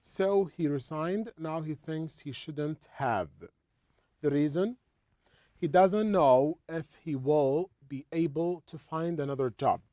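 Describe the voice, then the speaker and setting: A man teaching an English lesson, explaining slowly and repeating words as he goes. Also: on the high side, warm tone, dry recording.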